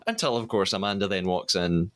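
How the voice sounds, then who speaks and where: A man's voice: low voice, animated, fairly quick, a bit bright, a little hiss or hum. A man hosting a podcast, casually retelling scenes with the odd stammered restart. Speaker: podcast host. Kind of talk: casual recap chat.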